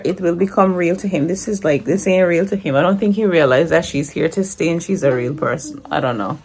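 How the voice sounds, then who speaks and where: A medium-pitched, creaky voice belongs to a Caribbean mother in her thirties, born in Jamaica and raised in Anguilla, recording a casual family vlog at home on her phone held in hand. She speaks Caribbean English, ribs her family and laughs often, with slight background noise.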